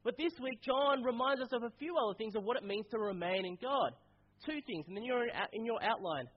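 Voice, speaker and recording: Stuffy-nosed man preaching, high husky voice. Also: lively intonation, a little fast, muffled recording. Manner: casual, conversational preaching with many fillers. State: stuffy, nasal from a cold. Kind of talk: sermon.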